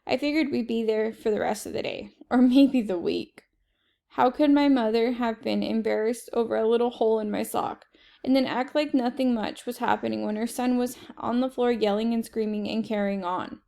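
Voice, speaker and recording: A woman reading a children's chapter book aloud in steady first-person narration. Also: fairly high pitch, moderate pace, vocal fry. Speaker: reader.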